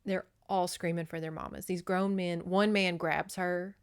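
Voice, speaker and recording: A woman podcast host recapping a novel in a chatty, profane, animated way. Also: lowish voice, normal speed, clean tone. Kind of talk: casual book recap.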